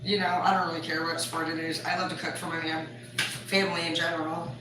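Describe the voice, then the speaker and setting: A woman's voice: deep voice, flat delivery, fairly quick, far from the mic. A talkative woman rambles through a casual cooking vlog, swearing and laughing easily and leaning on "like" at every turn. She sits well back from the mic in a very echoey room. Household noise runs underneath. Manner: chatty, laughs often, swears casually, many "like" fillers. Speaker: vlogger. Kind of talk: casual chat while cooking.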